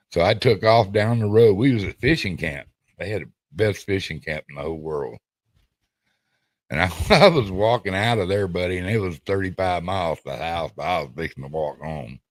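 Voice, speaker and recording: A man's voice: sits low, dry recording. A middle-aged man, telling rambling family stories in casual stop-start chat on a podcast. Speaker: podcast co-host.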